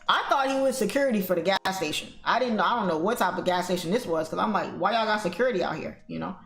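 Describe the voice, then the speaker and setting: A chatty woman runs a trading livestream, speaking quickly in a medium-pitched, gravelly voice with a fairly bright tone. She tells her viewers a story, calling them "y'all" and "guys," in an echoey space with faint music.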